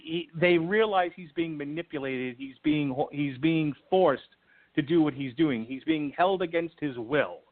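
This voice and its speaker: A man co-hosting a casual movie-review podcast, talking in an animated, rambling way with frequent restarts. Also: a little high. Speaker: podcast co-host, film reviewer. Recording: tinny phone-like line.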